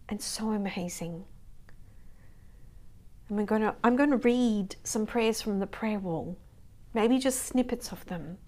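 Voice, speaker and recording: A woman's voice: mid-range voice, darkish tone. A woman leading a time of prayer in a fervent, prayerful way. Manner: slow, fervent, prayerful delivery. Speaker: prayer leader. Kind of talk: leading prayer and reading intentions.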